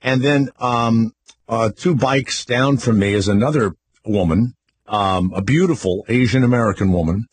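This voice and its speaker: An older man hosting a talk radio show, telling a story in a loud, animated way and acting out what people said. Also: medium pitch, normal speed, slightly rough. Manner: animated storyteller, acts out quotes.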